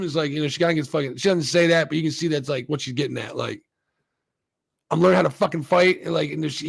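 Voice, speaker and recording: A man's voice: fairly high pitch, gravelly, slightly rough. A man hosting his own show, recapping and reviewing a TV episode in a loose, rambling, profane way, often acting out the characters' lines. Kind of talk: casual solo recap and review.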